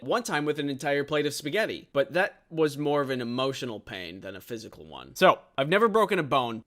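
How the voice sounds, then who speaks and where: A man's voice: fairly high pitch, fairly bright tone. A young man from the United States telling a personal story in a sarcastic, exasperated way, acting out his own reactions. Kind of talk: animated storytime narration.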